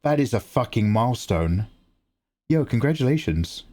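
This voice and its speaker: A man who streams his drawing and chats excitedly, swearing freely and reading out viewer messages. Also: medium pitch, normal speed. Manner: excitable, swears freely, reads chat aloud. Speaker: live-streaming artist. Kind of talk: casual livestream chat.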